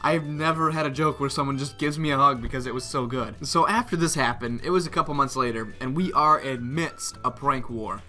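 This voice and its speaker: A man's voice: mid-range voice, a little fast, hardly any pauses, soft background music. A young man casually telling a prank story as a vlogger, laughing often and acting out what others said. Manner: animated, laughs often, reenacts others' lines.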